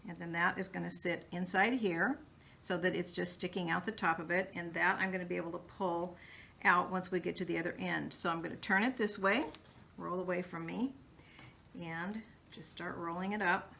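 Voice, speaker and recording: A woman's voice: on the low side, vocal fry, a bit bright, a little hiss or hum. A woman hosting a casual craft tutorial, chatting her way through each step in a homey, think-aloud manner.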